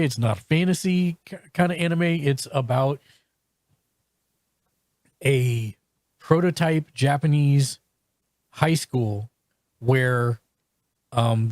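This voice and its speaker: A man's voice: fairly high pitch, a little mellow, no room sound. A man hosting a podcast, chatting casually and reviewing shows, with frequent restarts and fillers. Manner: halting, full of restarts and fillers. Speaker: podcast host.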